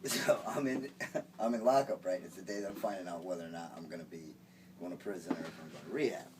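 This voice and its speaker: A man's voice: sits low, fast. A man telling a personal anecdote in a casual, chatty way, laughing between lines and filling with "like" and "right". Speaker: storyteller. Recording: distant mic with clear background noise.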